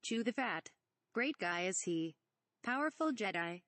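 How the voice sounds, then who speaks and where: A woman's voice: medium pitch, animated, measured pace, fairly bright tone, dry recording. Woman reading as a tiny mischievous old swamp creature. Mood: teasing. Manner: speaks with inverted word order. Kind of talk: reading a fan parody script aloud.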